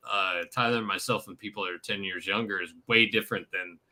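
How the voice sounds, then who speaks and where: A man's voice: low-pitched, fairly even intonation, quick pace, pushed and bright. A man around forty in casual podcast chat, laughing and rambling. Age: 40s. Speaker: podcast co-host.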